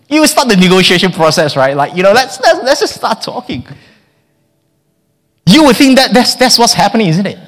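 Animated male preacher, lively higher voice. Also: moderate pace. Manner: lively, stammers and repeats words, acts out quotes. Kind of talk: sermon.

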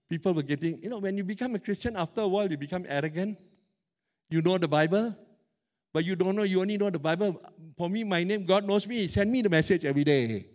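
A middle-aged man preaching a sermon as pastor, animated and emphatic, stretching out key words. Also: high-pitched, a little fast.

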